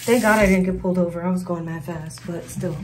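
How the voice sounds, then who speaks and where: A twenty-five-year-old woman vlogging casually as she gets ready at home, brash and quick to swear and laugh. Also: lowish voice, steady tone, a little hiss or hum. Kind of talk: casual get-ready-with-me chat.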